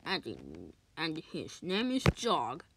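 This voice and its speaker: A woman's voice: low-pitched, wildly swooping pitch, slow, vocal fry, fairly bright tone, a little hiss or hum. A woman voicing toy characters in a homemade cartoon, jokey and exclaiming. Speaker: fan video maker voicing toy characters.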